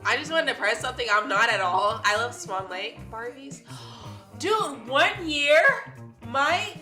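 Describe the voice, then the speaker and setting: A woman's voice: fairly high pitch, expressive, unhurried, sharp tone. A woman streamer with a stuffy nose, chatting casually and swearing often. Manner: chatty, swears a lot, says "dude" often. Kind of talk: casual chat. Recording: echoey room with music playing.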